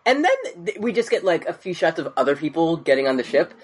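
A man co-hosts a podcast, recapping casually with plenty of swearing, frequent laughter, and acted-out lines from the show. His voice sits a little high and sing-song, moving a bit fast with a breathy edge.

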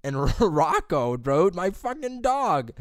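A young man chatting casually as a podcast co-host, swearing freely and breaking into loud high-pitched impressions. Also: very animated, slow, no room sound, clean studio sound. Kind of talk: casual chat.

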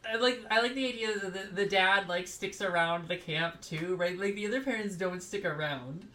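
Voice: mid-range voice, moderate pace, pushed and bright, slight background noise. A podcast co-host in casual conversation, weighing ideas aloud. The speech is hesitant and full of fillers and restarts. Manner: thoughtful, hesitant, many fillers. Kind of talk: casual chat.

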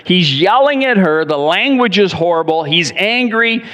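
Male pastor, lively up-and-down delivery, a bit high, long church reverb. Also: moderate pace. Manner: animated storytelling, addresses the congregation directly. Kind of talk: sermon. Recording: long reverb in a large hall.

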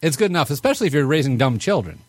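A man's voice: fairly high pitch, big pitch swings, very fast, no echo, studio quality. A man in casual podcast banter, teasing his co-hosts with mocking jokes. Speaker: podcast co-host.

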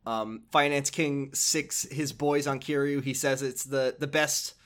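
A man's voice: mid-range voice, steady tone, a little slow, fairly bright tone. A man hosting a podcast, recapping a video game in a rambling, hesitant, swearing way.

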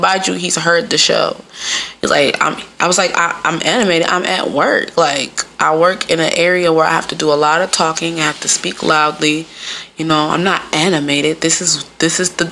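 A woman from the Midwest hosting a podcast in a casual comedic monologue, talking in an animated way and acting out the voices of the people she quotes. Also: deep voice, gravelly, slight background noise. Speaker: podcast host.

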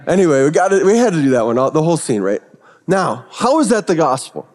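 A male pastor preaching a sermon, telling stories that swing from hushed, reverent passages to excited retellings. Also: on the high side, a little fast, long reverb tail.

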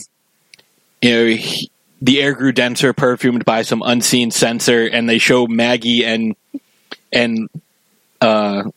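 A man's voice: mid-range voice, level tone, measured pace, fairly bright tone, dry recording, poor audio. Male podcast co-host, casual and chatty, medium voice, dry close mic. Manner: chatty, quotes scenes in put-on voices. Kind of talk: casual chat about a cartoon.

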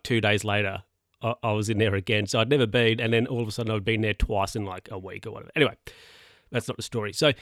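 A man's voice: lowish voice, a bit bright, no room sound, studio quality. A man in a casual monologue, rambling through anecdotes in a chatty way and laughing at his own stories.

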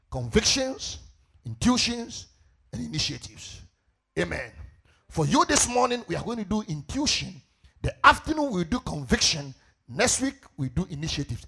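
A Ghanaian man preaching a sermon as pastor, asking the congregation questions and rising into shouted, sing-song swells. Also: a little high, creaky, breathy edge.

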